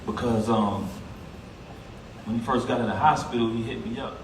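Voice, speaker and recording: A man's voice: medium pitch, normal speed. New York man giving an emphatic eulogy. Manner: emphatic, street-casual, talks straight to the crowd. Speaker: eulogy speaker at a funeral. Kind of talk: heartfelt eulogy speech. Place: funeral service in a large echoey hall. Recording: echoey hall from far off, noisy.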